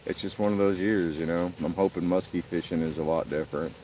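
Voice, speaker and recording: Deep-voiced guy livestreaming by a lake. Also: fairly even intonation, quick pace, mellow, recorded from a distance, a little hiss or hum. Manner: laughs a lot, rambling storyteller. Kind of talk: casual live-stream chat. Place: outdoors by a lake. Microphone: phone.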